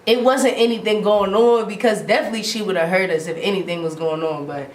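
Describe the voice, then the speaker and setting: A woman in her twenties telling a casual storytime, animated and slangy, with lots of filler "like". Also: mid-range voice, fast. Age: 20s. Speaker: vlogger. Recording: roomy sound from off the mic.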